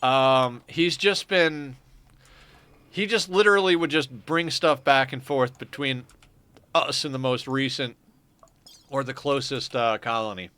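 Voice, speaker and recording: Man, game stream commentary, sharp bright voice, rambling, chatty, casual swearing. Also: mid-range voice, measured pace, clean tone. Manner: rambling, loose and chatty, swears now and then. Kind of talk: casual let's-play commentary.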